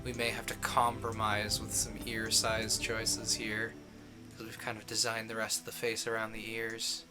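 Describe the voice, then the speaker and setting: A man's voice: on the low side, monotone, normal speed, music in the background. A man streaming a game, rambling casually and chuckling at his own jokes. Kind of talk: casual gameplay commentary.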